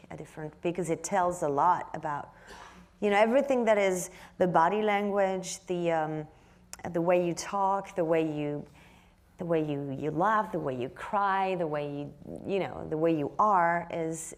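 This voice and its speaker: French actress guest, lower register, hesitant, thoughtful delivery. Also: female voice, vocal fry. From France. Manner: halting, searching for words, many restarts. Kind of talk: live onstage interview.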